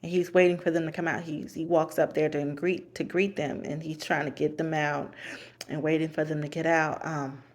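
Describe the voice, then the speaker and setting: A woman's voice: deep voice, flat delivery, moderate pace, a little mellow. A woman giving a rambling, casual recap of a TV show, with many fillers and restarts, often laughing as she talks. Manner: laughs often while talking.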